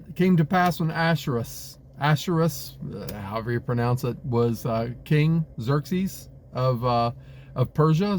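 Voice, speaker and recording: A man's voice: mid-range voice, darkish tone, slight background noise. A man who leads a congregation, teaching a Bible study in a conversational way with frequent fillers and restarts. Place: Pennsylvania.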